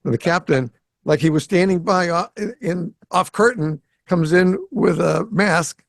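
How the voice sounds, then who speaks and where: In an unhurried, high voice touched with vocal fry, a Greater Boston native hosts a podcast from his home in South Florida. He tells a casual story, animatedly performing the quoted dialogue, and the recording is dry.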